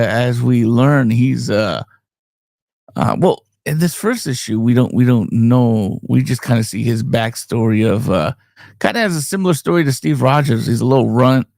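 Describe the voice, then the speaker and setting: Gravelly man chatting loosely about comics. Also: mid-range voice, darkish tone, no echo, clean studio sound. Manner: rambling, laughs often, many fillers. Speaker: podcast co-host. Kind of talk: casual chat about comics.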